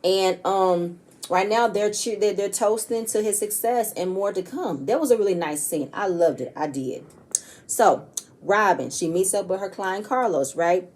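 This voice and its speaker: A woman's voice: medium pitch, moderate pace, darkish tone. A woman casually recapping a reality TV episode, chatty and blunt, often tossing in "you know what I'm saying" and swearing freely.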